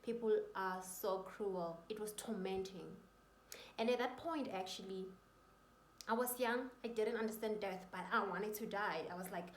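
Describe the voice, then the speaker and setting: A woman's voice: medium pitch, normal speed, a little hiss or hum. A woman vlogger telling her personal story in an earnest, emotional and faith-filled way. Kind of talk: personal testimony. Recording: roomy echoey room.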